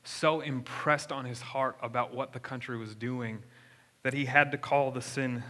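Young guy pastor giving a sermon in church, bright voice, casual and talky with the crowd. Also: medium pitch, steady tone, a little slow. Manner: conversational, engages the room with questions. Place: church sanctuary.

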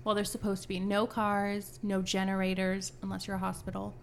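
A woman's voice: medium pitch, monotone, fairly quick, creaky, slight background noise. A woman co-hosting a podcast, animatedly retelling a book chapter in casual chat, swearing freely. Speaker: podcast co-host.

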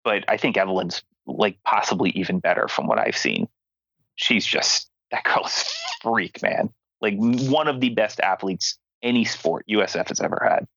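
Young guy from philly, low gravelly voice, bright tone, easygoing sports chat, dry lo-fi sound. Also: very animated, no echo. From Philadelphia. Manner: easygoing, thinks aloud, quick laughs. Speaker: podcast co-host. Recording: dull lo-fi home recording over call.

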